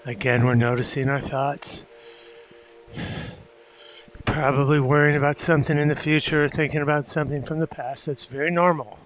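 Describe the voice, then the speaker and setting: A man leading an indoor cycling class, coaching in a calm, reflective way while out of breath from pedaling. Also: a little high, normal speed, long pauses, rough recording. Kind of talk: guided meditative spin class coaching. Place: indoor cycling room with windows. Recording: instructor over loud background music. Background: loud yoga music.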